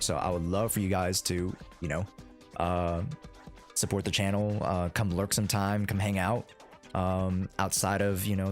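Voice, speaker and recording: A man hosting a livestream in casual, playful chat, rambling with many fillers. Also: deep voice. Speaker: streamer and host.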